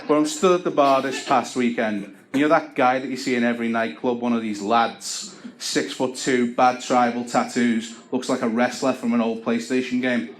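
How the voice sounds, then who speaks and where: Dry stand-up comedian. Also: male voice, medium pitch, steady tone, moderate pace. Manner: dry, self-deprecating storytelling. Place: comedy club stage with audience. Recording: echoey club with crowd laughter.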